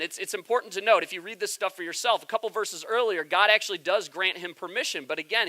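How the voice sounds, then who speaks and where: A man's voice: high voice, sharp tone. A man in his thirties preaching a sermon as pastor, telling stories in a conversational, humorous way.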